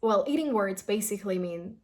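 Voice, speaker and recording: A woman's voice: medium pitch, lively intonation, fairly quick, a little mellow. A young woman from India teaching an English pronunciation lesson in a casual, chatty way, drawing out sounds to demonstrate them.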